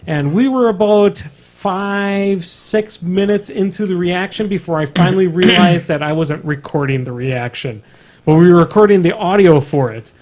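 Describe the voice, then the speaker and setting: A man's voice: high-pitched, normal speed, a little mellow. Man, lightish voice, podcast co-host, chatty, casual chat. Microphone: studio mic on a live stream.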